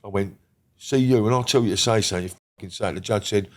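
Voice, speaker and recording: A man's voice: lowish voice, fast. A middle-aged man telling stories as an interview guest, swearing often and speaking in a heated, emphatic way. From Britain. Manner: heated, profane, emphatic storytelling. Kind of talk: casual storytelling.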